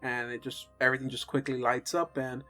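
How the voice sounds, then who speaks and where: A man acting as game master, narrating a tabletop game in a relaxed, halting way with many fillers. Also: mid-range voice, soft background music.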